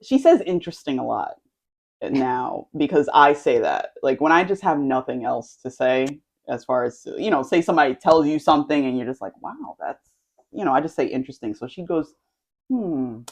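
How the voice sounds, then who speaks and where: A woman hosting a casual chat, telling stories in an animated way with lots of fillers. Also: extremely low pitch, brisk, creaky. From United States. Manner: animated storytelling with frequent fillers. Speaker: host.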